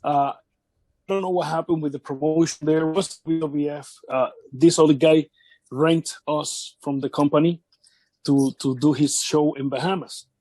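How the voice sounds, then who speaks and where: Man, fairly high voice, dry close sound, halting storyteller, repeats himself. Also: fairly even intonation, mellow, no room sound. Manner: halting, repeats words, acts out quotes of others. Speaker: wrestling veteran interviewee. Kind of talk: casual shoot interview storytelling.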